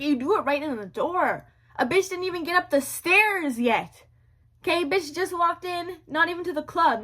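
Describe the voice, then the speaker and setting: A young woman telling a story to her viewers in a casual vlog, animated and slangy, repeating lines for drama. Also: high voice.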